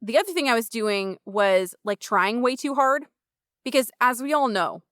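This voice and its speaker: A woman's voice: on the high side, lively intonation, normal speed, a bit bright, clear, resonant tone, no room sound, studio quality. A young woman co-hosting a casual podcast, chatty and self-mocking, laughing often at her own stories. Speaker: podcast co-host.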